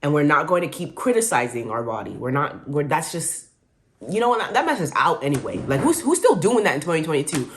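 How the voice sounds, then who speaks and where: A young woman speaks straight to her camera in a loose, encouraging vlog style, her voice sitting a little low for a woman. She talks candidly and peppers her advice with casual slang, like a friend giving a pep talk. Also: sing-song, a little fast, slight background noise. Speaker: vlogger.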